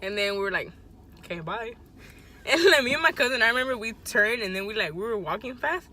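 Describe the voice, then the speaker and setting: A young woman hosting a mukbang vlog, talking loudly and casually, laughing often and slipping into Spanish. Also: on the high side, quick pace, rough recording. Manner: loud, animated, laughs a lot, mixes in Spanish. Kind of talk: casual chat.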